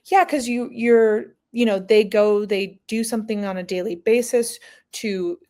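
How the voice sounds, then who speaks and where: A woman's voice: mid-range voice, a little slow, darkish tone. A woman guest on a podcast, chatting casually and telling anecdotes that quote other people. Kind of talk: casual conversational interview.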